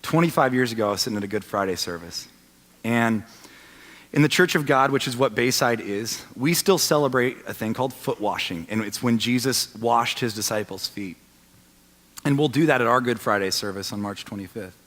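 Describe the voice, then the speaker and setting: A man in his thirties preaching a sermon as a pastor, telling the story and swinging from loud to hushed. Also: medium pitch, a little fast. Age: 30s. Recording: long reverb of a large hall.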